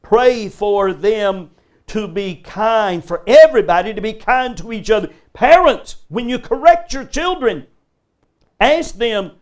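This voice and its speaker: An older man preaches to a church congregation, his voice sitting notably high for a man. He drives his points home with repeated, emphatic questions put straight to his listeners. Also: expressive, unhurried. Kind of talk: live sermon. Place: church service before a congregation.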